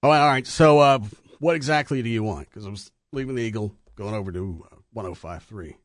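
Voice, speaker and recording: A man's voice: on the low side, a little fast, dry recording. A middle-aged man hosting a radio show from the studio, telling joking stories in casual chat. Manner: animated, joking storyteller.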